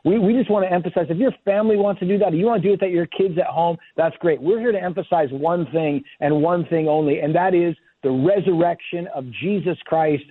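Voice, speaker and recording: A man's voice: high-pitched, fairly quick, few pauses, slightly rough, no echo. A man co-hosting a Christian call-in show, praying earnestly for a caller and answering questions, often repeating words as he starts a thought. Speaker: pastor co-host of a call-in show. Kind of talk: prayer and call-in talk. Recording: dry tinny phone-like sound.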